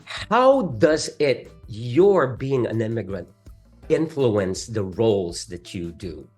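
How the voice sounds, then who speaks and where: A man with a Filipino accent, a stage actor talking earnestly in a casual chat, excitable and stumbling over restarts. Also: lowish voice, takes it slowly, soft background music. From Philippines. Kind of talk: casual conversation.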